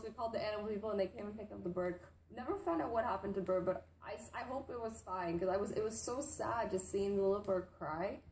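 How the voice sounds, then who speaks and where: A young woman chatters through a casual reaction video, gushing and scattering "like" between restarts. Her voice sits mid-pitch and sounds roomy, with a faint hum of background noise. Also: a little mellow. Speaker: YouTuber reacting to wholesome posts.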